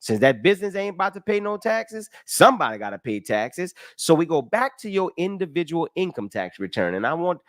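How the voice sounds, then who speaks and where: A man's voice: a little high, brisk, hardly any pauses, no room sound. A man teaches taxes in a casual, emphatic way, counting out form lines and stopping to ask his listeners rhetorical questions. His voice rises and falls a lot as he drives each point home. The sound is close and dry, with no room around it. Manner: emphatic and animated, with rhetorical questions and folksy talk; walks through a form line by line, counting aloud. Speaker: tax educator. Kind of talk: casual explanatory lesson. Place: live stream with comments.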